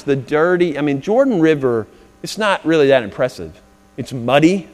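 A man preaching a sermon as pastor, swinging between loud, dramatic passages and hushed, earnest ones. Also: fairly high pitch, big pitch swings, moderate pace. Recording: long reverb of a large hall.

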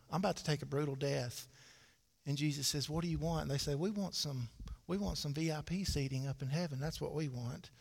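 Male pastor, 30s, gravelly, folksy sermon delivery, church hall reverb. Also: fairly high pitch. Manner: folksy, conversational preaching with dry asides. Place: church sanctuary.

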